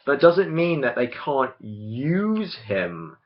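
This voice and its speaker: A man's voice: medium pitch, very animated, slow pace. A young man ranting casually to camera about a film franchise, rambling and stopping to restart his sentences. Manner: rambling, self-interrupting, opinionated. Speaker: video blogger. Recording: dull lo-fi recording.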